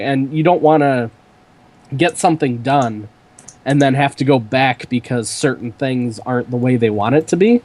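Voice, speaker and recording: A man's voice: medium pitch, moderate pace, darkish tone. A young man hosting a podcast, telling a rambling story in casual chat with lots of fillers. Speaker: podcast host.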